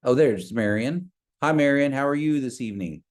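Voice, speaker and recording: A man's voice: medium pitch, animated. Man teaching a language over video call. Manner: patient, repeats phrases slowly. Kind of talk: online language class. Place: office.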